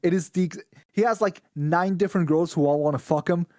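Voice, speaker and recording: A man's voice: fairly high pitch, brisk, darkish tone, dry recording, studio quality. A man from Israel, a podcast guest, ranting bluntly and with plenty of swearing in casual chat.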